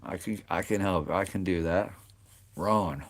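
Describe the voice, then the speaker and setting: Deep-voiced man in his late forties chatting. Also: normal speed. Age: 40s. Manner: rambling, thinks aloud with many "you know" and "like". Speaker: livestream host. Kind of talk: casual live chat with viewers.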